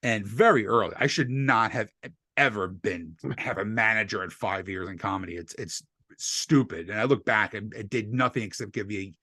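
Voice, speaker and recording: In a voice on the low side at normal speed, a New Jersey comedian shares stories in relaxed podcast talk, swearing and acting out people's dialogue with animation. Recorded on a desk USB microphone, it's studio quality with no room sound.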